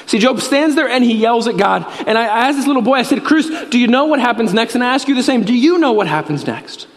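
A man preaching a sermon as a pastor, earnest and repetitive, with emphatic pauses. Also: extremely high pitch. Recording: reverberant hall.

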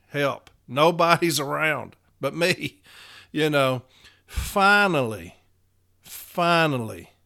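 A man from Nashville, retelling a personal story in an emotional, halting way with repeated words. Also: on the high side, bright, forceful tone. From Nashville, Tennessee.

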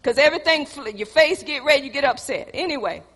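High bright woman preaching in reverberant hall. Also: a little fast. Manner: storytelling preaching, swings from loud exhortation to quiet asides. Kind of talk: sermon.

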